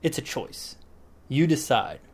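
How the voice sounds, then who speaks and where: A man's voice: a little high, measured pace, breathy edge. Profane young man in casual podcast chat. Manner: profane, animated storytelling. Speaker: podcast co-host. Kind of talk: casual conversation.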